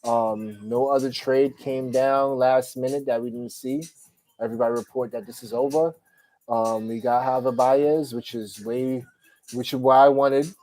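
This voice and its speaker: A man's voice: mid-range voice, steady tone, moderate pace, a little mellow, low-quality recording. A man hosting a podcast live stream, chatting casually and rambling with many "um" fillers, sounding tired. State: tired, yawning. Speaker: podcast host.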